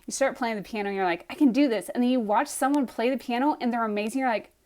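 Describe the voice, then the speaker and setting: A young woman with a slightly higher-than-average voice tells a personal story straight to camera. She is animated and chatty, and keeps slipping into acted-out versions of her own reactions. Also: quick pace. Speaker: aspiring author telling her story.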